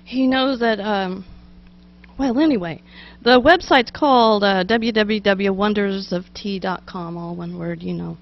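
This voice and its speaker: A woman's voice: mid-range voice, unhurried, lo-fi sound. A woman hosting a casual web show, chatting and reading aloud with giggles and offhand asides. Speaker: webcast show host. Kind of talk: casual reading of jokes and a poem.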